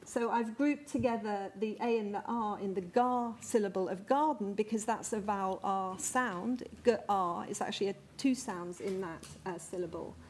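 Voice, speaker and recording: A woman's voice: mid-range voice, normal speed, hardly any pauses, a little mellow, slight background noise. A woman, speaking, gives a conference talk. She explains things carefully, with some fillers and restarts. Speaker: lecturer. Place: conference venue.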